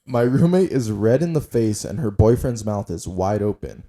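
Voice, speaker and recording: Low, dark-voiced young man reading aloud. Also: animated, normal speed. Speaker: podcast co-host. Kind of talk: casual podcast chat, reading posts aloud.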